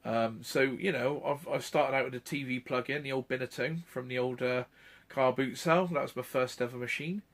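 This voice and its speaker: A man's voice: medium pitch, fairly even intonation, moderate pace. Rambling, chuckling man in his thirties. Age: 30s. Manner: rambling anecdotes with frequent fillers and chuckles. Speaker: retro gaming channel host. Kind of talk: casual chat.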